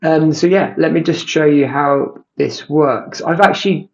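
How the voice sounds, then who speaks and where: A man casually walking through a tech demo, halting with many ums and restarts. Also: on the high side, gravelly, muffled recording. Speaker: tech creator. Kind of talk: casual screen-share walkthrough.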